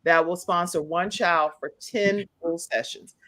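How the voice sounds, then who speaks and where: A woman's voice: lowish voice, steady tone, measured pace, fairly bright tone. Upbeat woman hosting a talk show. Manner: upbeat, encouraging, repeats key details for listeners. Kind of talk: live-streamed talk show interview.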